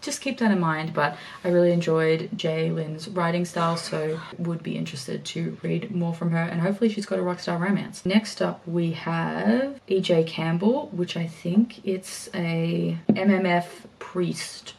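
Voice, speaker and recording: A woman's voice: fairly low pitch, steady tone, measured pace, creaky, hardly any pauses, a little mellow, distant mic. A woman chatting casually through a book review vlog at home, thinking aloud with restarts. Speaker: book vlogger. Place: home, working indoors.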